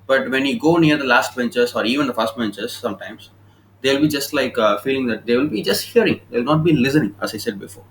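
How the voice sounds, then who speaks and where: This recorded slide lecture, made on a laptop, features an Indian man teaching communication skills in a fairly quick, mid-range voice with lively intonation. He explains informally, frequently checking "okay?" between points, and the low-quality recording carries slight background noise.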